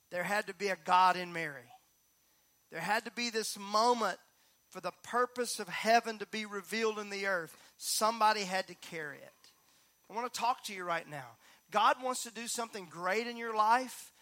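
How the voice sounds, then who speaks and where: A middle-aged man preaching a sermon, moving from calm talk to loud, repeated emphatic lines. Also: sits high, dry recording. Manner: builds from calm to near-shouting emphasis, repeats key phrases. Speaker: pastor.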